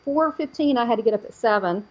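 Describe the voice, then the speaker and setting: A woman, a psychic medium guest on an interview show, telling a personal story in an animated way and acting out the voices she quotes. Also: a little high, quick pace, lo-fi sound.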